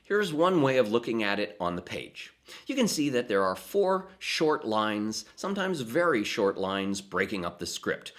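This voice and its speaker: Male presenter, mid-pitched voice with a lot of melodic movement, measured and emphatic, reading a prepared talk. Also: fairly bright tone. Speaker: theatre presenter. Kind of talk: scripted explanatory narration.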